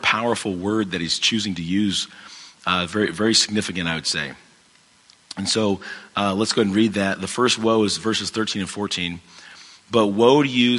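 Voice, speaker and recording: A pastor teaches from the Bible in a casual, conversational manner, with many fillers and restarts. His deep, bright voice is forceful yet strained and fading, and the sound has a big-room quality.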